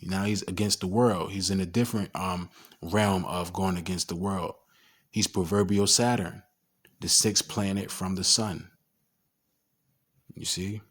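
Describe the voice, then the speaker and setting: A man with a low voice and a slightly husky grain talks things through casually. He explains what he shows step by step and reads verses aloud in the same easy tone. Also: steady tone, unhurried, pauses often. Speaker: commentator on symbolism and scripture. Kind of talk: casual screen-share commentary.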